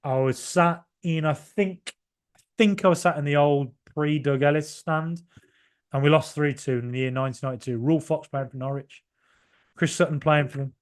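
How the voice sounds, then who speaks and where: Podcast host, man in his forties, passionate and rambling, jumping from loud outbursts to mutters. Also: on the high side, steady tone, normal speed. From Ireland. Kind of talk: excited solo match reaction.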